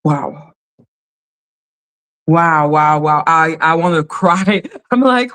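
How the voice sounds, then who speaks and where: A woman with a deep, slightly bright voice talks slowly and animatedly to her chat while hosting a casual livestream. She's emotional and openly apologetic as she reads the chat, and she swears freely.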